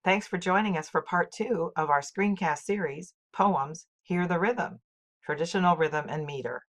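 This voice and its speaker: A woman teaching, reading a scripted poetry lesson in a clear, measured way and reciting poems with marked rhythm. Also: on the low side. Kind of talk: scripted educational narration.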